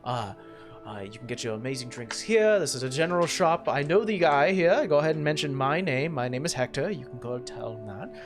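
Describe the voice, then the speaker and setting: A man voicing a boastful, chatty human tour guide in a tabletop game, salesy and smooth-talking. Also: mid-range voice, expressive, brisk, over music, lightly acted.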